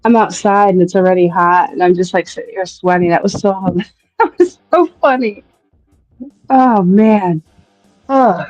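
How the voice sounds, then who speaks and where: Slow-talking woman, giggly live-stream host. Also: medium pitch, darkish tone, no echo, soft background music, low-quality recording. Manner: laughing helplessly, giggly and breathless. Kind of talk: casual live-stream chat. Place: outdoors.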